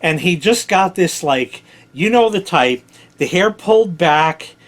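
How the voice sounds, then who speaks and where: A man's voice: sits high, animated, a little slow. A middle-aged man from New York telling a rambling story in casual chat, blunt and digressive, swearing freely. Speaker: vlog host telling stories.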